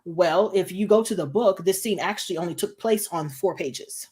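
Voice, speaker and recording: Animated woman chatting casually. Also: fairly low pitch, normal speed. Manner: animated, laughs often, repeats phrases for emphasis. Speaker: show discussion co-host. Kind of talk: casual fan discussion.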